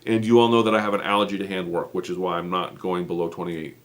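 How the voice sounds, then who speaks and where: A man's voice: low-pitched, flat delivery, quick pace. Rambling man co-hosting a show. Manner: rambling, self-mocking, many fillers. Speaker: co-host. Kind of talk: casual chat.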